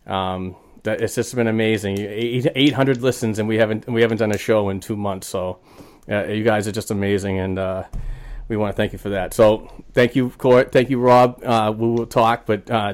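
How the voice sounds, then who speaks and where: A man hosting a casual sports podcast, rambling with lots of fillers and restarts. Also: lowish voice. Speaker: podcast host.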